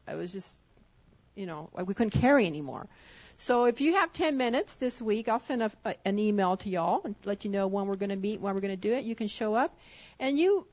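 A pastor's wife giving an informal sermon, coaxing and chatty with frequent chuckles. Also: female voice, medium pitch. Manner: conversational, coaxing, often chuckling. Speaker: pastor's wife leading a church service. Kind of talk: informal sermon talk to a congregation. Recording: dull lo-fi church recording.

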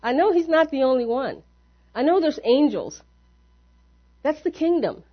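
A woman's voice: sits high, animated, measured pace. A woman pastor preaching a sermon in a church, talking to the congregation in an easy, conversational way and often asking them questions. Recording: dull lo-fi sermon recording.

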